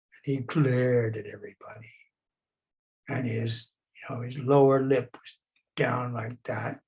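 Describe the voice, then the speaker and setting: A man's voice: medium pitch, darkish tone. An older man leading a group through playful clown-face exercises, coaxing them and demonstrating sighs and growls over a video call. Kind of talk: instructional talk with face exercises.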